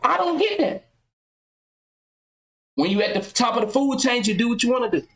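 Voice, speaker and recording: A woman hosting a podcast, talking loudly and passionately, firing off rhetorical questions in casual commentary. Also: on the high side, sing-song, moderate pace, reverberant, rough recording. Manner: loud, impassioned, rhetorical questions. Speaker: podcast host.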